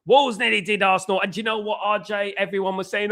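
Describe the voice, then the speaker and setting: High, bright-voiced rambling male streamer. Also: level tone, quick pace. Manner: rambling, repeats "guys, absolutely". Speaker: livestream host. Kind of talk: live football watchalong chat. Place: indoors at home.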